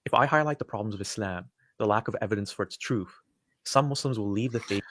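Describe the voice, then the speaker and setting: A man delivering a measured, deliberate video monologue as a religious commentator. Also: fairly low pitch, fairly bright tone, no room sound.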